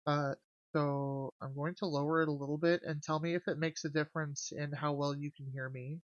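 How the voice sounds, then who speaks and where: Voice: medium pitch, brisk, no room sound, lo-fi sound. Chatty swearing young streamer. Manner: chatty, swearing, animated asides to chat. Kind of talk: casual let's-play commentary, reading game dialogue aloud. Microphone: desk mic with gain adjusted.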